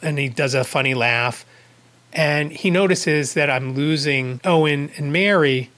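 A man's voice: fairly high pitch, unhurried, a bit bright. A man hosting a podcast, telling a rambling first-person story in a casual way, with a chuckle here and there. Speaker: podcast host.

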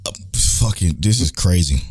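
Young male podcast co-host, lively swooping delivery, dry close sound, casual and profane. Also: no echo. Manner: animated, swearing, bursts of high laughter. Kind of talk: casual anime review chat.

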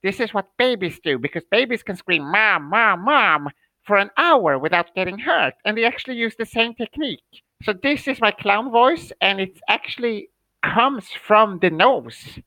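A man putting on his nasal, twangy clown voice, the loud voice he uses for crowds of children. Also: high-pitched, lively intonation, normal speed, dry recording, voice pushed up, exaggerated voice, rough recording. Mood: playful demo. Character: loud nasal clown, male adult, playful.

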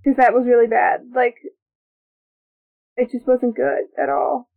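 A woman co-hosting a casual chat about a film she is watching, excitable and reading out her notes. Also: fairly high pitch, a little slow, gravelly. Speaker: podcast co-host. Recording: tinny phone-like sound.

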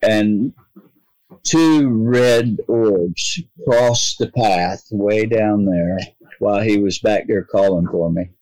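Low-voiced man recounting a story. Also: slow, darkish tone, no echo, rough recording. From North Carolina, US. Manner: earnest, rambling, with frequent restarts. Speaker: guest telling his own experience. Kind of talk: casual storytelling.

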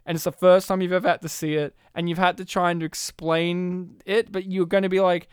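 A man, retelling a strange film for his co-hosts. His voice is smooth and resonant, recorded dry and close. He talks in an animated way and swears freely. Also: sits high, a little fast, no echo. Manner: animated storytelling, swearing, laughing often. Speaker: podcast co-host. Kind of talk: casual movie recap chat.

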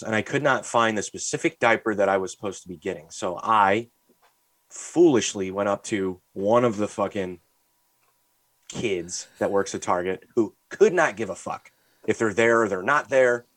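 A young man co-hosting a podcast, swearing freely and telling animated rants full of mimicked voices. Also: fairly low pitch, moderate pace, dry recording. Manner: profane, animated storytelling; rants and mimics people in stories. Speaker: podcast co-host. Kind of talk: casual chat.

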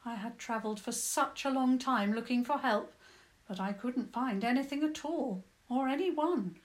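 A woman's voice: fairly high pitch, moderate pace, pitched above the performer's own voice, natural voice. A woman doing a tiny fretful mole. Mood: flustered. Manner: stammering, earnest and fretful. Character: tiny tearful nearly blind male mole.

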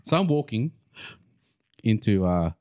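A young man tells a story on a casual podcast. His pitch sits low but swings widely as he acts out the people in it. The sound is close and dry, and he swears freely. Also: unhurried, dry recording. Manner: animated, acts out quoted voices.

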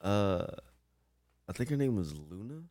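A man with a lowish voice tells a story quietly on a podcast, a little embarrassed. His delivery is subdued. The sound is dry. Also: sing-song, measured pace, no echo. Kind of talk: casual storytelling.

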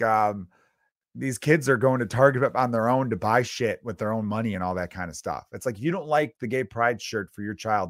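A man's voice: medium pitch, no echo, clean studio sound. A comedian in his thirties from Chicago hosting his podcast, ranting in a profane, exasperated way and mocking people in sarcastic voices. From Chicago, United States.

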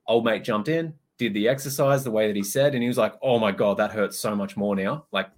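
A young man, a personal trainer, co-hosting a podcast and telling animated gym stories, acting out quotes and swearing casually. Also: lowish voice, brisk. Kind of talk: casual chat.

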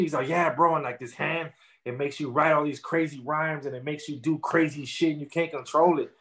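Talking at normal speed in a slightly high voice, a thirty-something rapper tells stories during a casual interview. He curses a lot and keeps reusing fillers, his storytelling profane and animated.

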